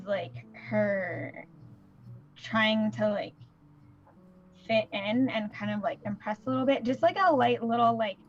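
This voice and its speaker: A woman's voice: mid-range voice, highs cut off. A woman playing a tabletop role-playing game, talking hesitantly with many fillers. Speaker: player. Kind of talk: casual tabletop role-play.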